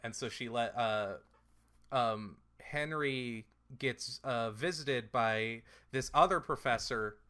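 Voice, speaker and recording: A man's voice: mid-range voice, takes it slowly, bright, forceful tone, clear, resonant tone. A man co-hosting a podcast, casually recapping a film with lots of fillers and playful quoted voices. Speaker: podcast co-host. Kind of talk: casual movie recap chat.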